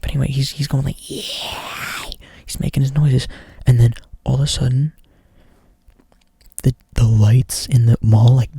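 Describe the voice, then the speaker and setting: A man's voice: mid-range voice, fairly even intonation, normal speed, vocal fry, long pauses, dark tone, breathy edge, no echo. A young man doing whispered ASMR storytelling up close to the mic, rambling casually and swearing a lot. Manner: rambling, profane, filler-heavy casual talk. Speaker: ASMR creator.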